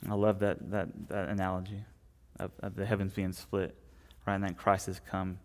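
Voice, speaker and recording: Low-voiced man preaching with "right?" tags. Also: monotone, normal speed. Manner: conversational, frequent "right?" tags and restarts. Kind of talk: sermon.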